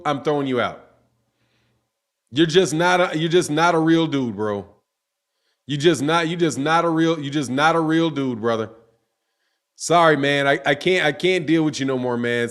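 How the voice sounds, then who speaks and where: A man hosting a casual boxing livestream, reading super chats aloud in slangy, repetitive, laughing talk. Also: fairly high pitch. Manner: animated, slangy, repeats himself, laughs often. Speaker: boxing channel host.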